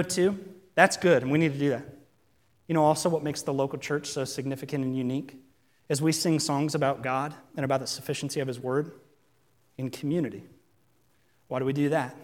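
A man in his thirties preaching a sermon in a church, earnest and conversational, full of rhetorical questions. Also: mid-range voice. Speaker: pastor. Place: church sanctuary. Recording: long reverb in a large hall.

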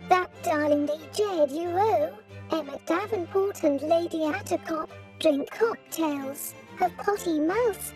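Woman announcer, scripted intro, sing-song, high voice, music underneath. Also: takes it slowly, a little mellow. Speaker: show announcer. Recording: over music bed.

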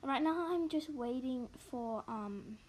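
A woman's voice: high voice, animated, slow pace, a little mellow, a little hiss or hum. A young Australian woman chatting casually on a video call, rambling with lots of fillers and giggles. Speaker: podcast co-host. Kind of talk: casual chat.

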